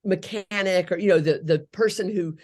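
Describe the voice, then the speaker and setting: A woman in her sixties who works as a speech therapist tells a long personal story during an interview, acting out the people she quotes. Her voice is fairly low and her pace moderate, and she comes across as earnest and animated.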